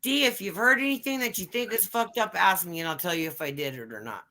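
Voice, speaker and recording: Hosting a laid-back livestream chat, this woman tells meandering stories packed with swearing. Her voice sits lowish and sounds bright and forceful, and she talks at a quick clip.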